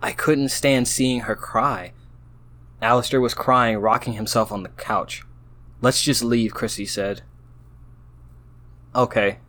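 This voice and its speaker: A man reads a story off his screen at an unhurried, drawn-out pace, stumbling through lines and pausing to comment with a chuckle. His voice sits at an ordinary middle pitch, and the clack of a keyboard is heard behind him. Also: steady tone, a bit bright. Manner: slow, halting reading broken by laughing asides. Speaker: host reading an AI-written story. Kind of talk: casual reading aloud with commentary.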